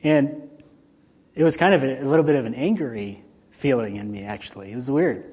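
A man's voice: medium pitch, a little fast, husky. Man preaching in a reverberant hall. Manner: conversational and animated, with sudden loud and soft swings. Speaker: pastor. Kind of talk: sermon.

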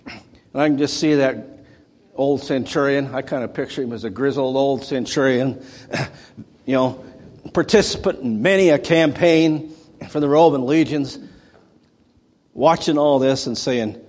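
A man's voice: medium pitch, unhurried, pauses often, darkish tone, long reverb tail. A male preacher giving a sermon, telling stories conversationally and rising into dramatic outbursts. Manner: conversational storytelling with dramatic bursts.

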